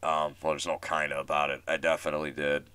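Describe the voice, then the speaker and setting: A man's voice: rumbling low, flat delivery, fast talker, sharp tone, clean tone, no room sound. A man in his twenties hosting a podcast, telling a casual story with many restarts and fillers in a self-deprecating way. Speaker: podcast host.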